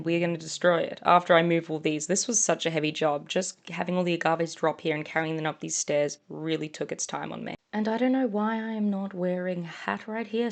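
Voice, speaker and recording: A woman's voice: on the low side, vocal fry. A young woman from Australia with a mixed English and Australian accent, narrating her own vlog in a chatty, rambling, self-deprecating way. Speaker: vlogger. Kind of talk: casual voice-over narration.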